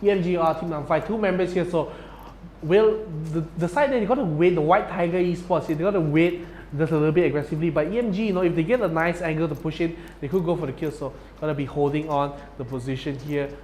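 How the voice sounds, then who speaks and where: A man casting an esports match live, with a fairly high voice. He talks in an excitable, chatty way, full of fillers. A faint hiss sits behind him. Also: fast. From Malaysia. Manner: excitable, uses "lah" and "you know" fillers. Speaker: esports caster. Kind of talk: live game commentary.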